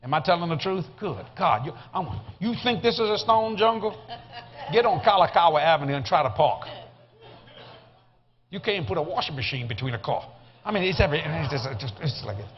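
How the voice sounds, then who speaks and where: A man with a South Louisiana accent, a guest preacher telling a comic story in an animated, folksy way. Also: fairly high pitch, brisk. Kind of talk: sermon storytelling. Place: church service. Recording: slightly muffled recording.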